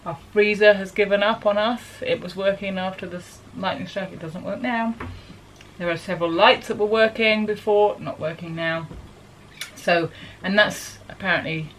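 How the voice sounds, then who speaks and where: A woman's voice: medium pitch, normal speed, fairly bright tone, a little hiss or hum, poor audio. A woman from New Zealand with a New Zealand accent, a sailing vlogger talking casually and matter-of-factly to camera aboard a sailboat.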